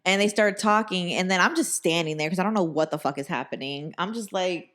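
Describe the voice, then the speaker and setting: Young woman, podcast host, casual storytelling, low voice, animated and profane. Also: fairly quick, noisy background.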